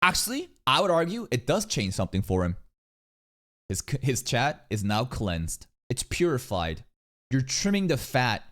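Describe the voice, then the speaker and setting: Animated, swearing male reaction streamer. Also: normal speed. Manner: animated, profane, swings into shrill mocking voices. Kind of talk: casual reaction commentary.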